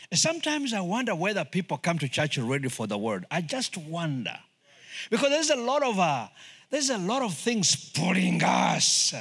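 A man preaching as a guest missionary, animated, repeating his words and acting out the voices of the people he talks about. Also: sits high, slightly rough. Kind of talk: lively sermon.

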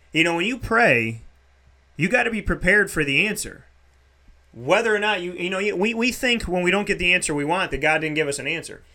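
A man's voice: a little high, sharp tone. A man in a casual faith talk who restarts often and repeats his words.

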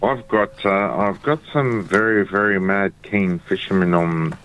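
A man's voice: deep voice, a little slow, fairly bright tone, rough recording. A man calling in to a radio show, friendly and polite. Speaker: radio caller and prize winner. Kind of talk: phone call to radio.

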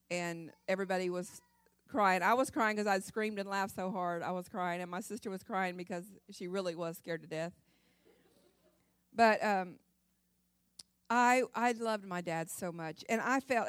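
Here an Ohio woman with a medium-pitched voice shares her personal testimony as a church guest speaker, captured in a dry recording. Her manner is folksy and chatty, lively as she tells her story, and she restarts often.

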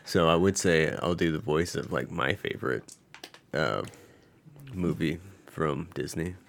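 Young male co-host, deep gravelly voice, relaxed crude banter. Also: unhurried, slight background noise. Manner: laid-back, crude joking, swears freely. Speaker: podcast co-host. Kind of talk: casual chat.

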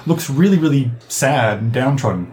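A man narrating a tabletop game as game master, describing scenes in a measured storytelling way. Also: mid-range voice, lively intonation, a little mellow, slight background noise.

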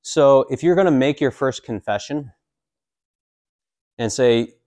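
Man in his forties, priest, casual teaching, joking asides, average pitch, dry sound. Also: unhurried, mellow, no echo. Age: 40s. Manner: casual and joking, with many fillers. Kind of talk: teaching a catechism class.

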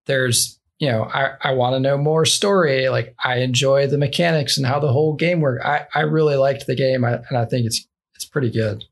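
A podcast co-host in casual chat, talking hesitantly with a gravelly, breathy voice. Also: mid-range voice, normal speed.

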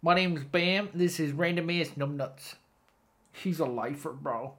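A man's voice: fairly high pitch, unhurried, a bit bright, voice pushed up. A man voicing a brash, dismissive partying man, with a mocking, swaggering drawl, in a podcast.

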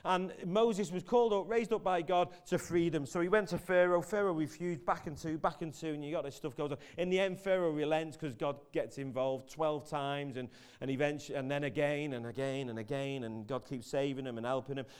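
A man's voice: fairly high pitch, steady tone, brisk, hardly any pauses, smooth. A man giving a chatty, jokey sermon in a church, telling the story with many restarts. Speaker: preacher. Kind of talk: casual sermon.

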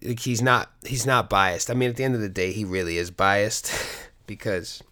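Middle-aged guy rambling at the camera, swears a lot, blunt, kinda low voice. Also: fairly even intonation, normal speed, pushed and bright. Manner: candid, profane, rambling storyteller. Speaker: coach. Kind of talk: casual monologue to viewers.

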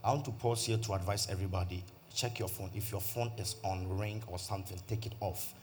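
A man's voice: low voice, steady tone, fast, a little hiss or hum. A man, preaching a testimony sermon as pastor and driving points home by repeating them. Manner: emphatic, repeats key phrases.

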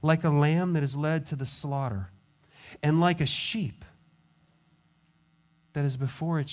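A pastor preaching a sermon, acting out quoted voices and dropping to quiet intensity. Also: male voice, fairly high pitch, measured pace, long pauses.

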